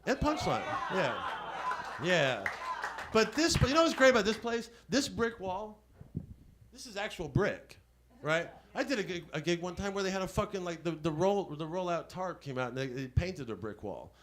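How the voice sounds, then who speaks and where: A male stand-up comedian on a comedy club stage, rambling with quick self-deprecating asides. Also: high voice, sing-song, noisy background. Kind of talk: stand-up set.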